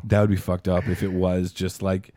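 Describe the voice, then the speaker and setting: A man's voice: low-pitched, monotone, normal speed, mellow. A man co-hosting a podcast in casual chat, with a dry, sarcastic manner. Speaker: podcast co-host.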